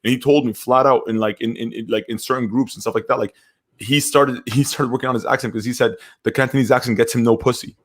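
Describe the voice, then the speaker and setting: A man's voice: mid-range voice, fairly even intonation, quick pace. A young man co-hosting a podcast, telling personal stories in a candid, rambling way. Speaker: podcast co-host. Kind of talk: casual podcast chat.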